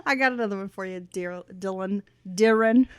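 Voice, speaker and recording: A woman's voice: medium pitch, normal speed, smooth, no echo. A woman co-hosting a podcast, reading listener stories aloud and chatting in a teasing, laughing way. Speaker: podcast co-host.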